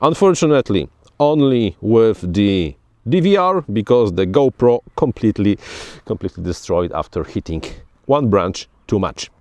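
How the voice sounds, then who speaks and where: A man's voice: lowish voice, very animated, normal speed, darkish tone, no echo. A man giving casual, chatty commentary while flying a drone outdoors, often restarting and repeating his words. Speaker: FPV drone reviewer. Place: outdoors on grass.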